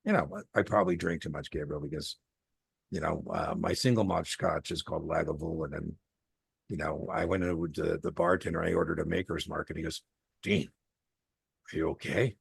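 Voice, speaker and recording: A man's voice: very deep voice, fairly even intonation, a little fast, creaky, husky, no room sound, clean studio sound. A middle-aged man tutoring a student one-on-one over a video call, chatty and folksy, telling stories with lots of fillers. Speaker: exam tutor.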